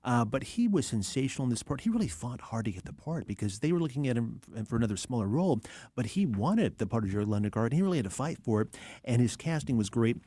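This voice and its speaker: A man's voice: medium pitch, very animated, dark tone, no room sound. A man hosting a radio show, talking about films with enthusiasm and frequent restarts. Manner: enthusiastic, fast, many restarts. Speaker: radio host, film discussion. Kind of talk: casual radio talk. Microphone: studio microphone.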